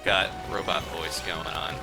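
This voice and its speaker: A man's voice: low voice, little pitch movement, unhurried, over music. A man casually chatting and rambling while hosting a live gameplay stream, laughing often. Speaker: gaming streamer host.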